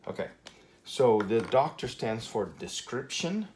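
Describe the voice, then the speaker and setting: A man teaching a Spanish grammar lesson at a whiteboard, relaxed and full of fillers, checking in with "okay" often. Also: medium pitch, a little slow, slight background noise. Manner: relaxed, many fillers and okays.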